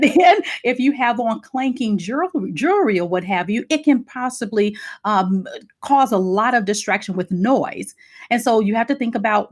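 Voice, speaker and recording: A middle-aged woman career coach giving an energetic talk on job interviews, her voice moving up and down. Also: a little high. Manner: energetic, lively up-and-down delivery.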